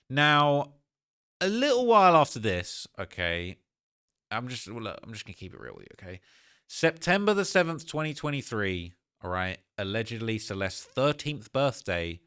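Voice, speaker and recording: A man giving animated reaction commentary on a video, often repeating phrases for emphasis. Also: medium pitch, clean tone, dry recording, clean studio sound. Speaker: commentary YouTuber.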